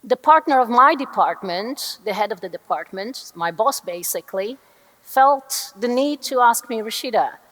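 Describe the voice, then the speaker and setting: A middle-aged woman from the Netherlands, an employment lawyer telling a personal story on a conference panel, earnest and reflective with thoughtful pauses. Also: on the high side, expressive, a bit bright. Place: large conference hall. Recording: echoey conference hall.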